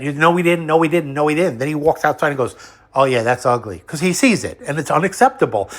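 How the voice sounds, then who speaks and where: A man with a slightly high, fairly bright voice that's giving out angrily retells a dispute as a fed-up customer. He's heated and casual, cursing freely while stumbling and repeating his words.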